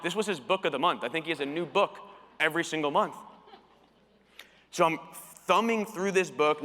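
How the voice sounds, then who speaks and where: A man giving a storytelling keynote talk at a conference, animated and acting out the quoted dialogue. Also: fairly high pitch. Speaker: conference speaker. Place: conference hall. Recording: long reverb of a conference hall.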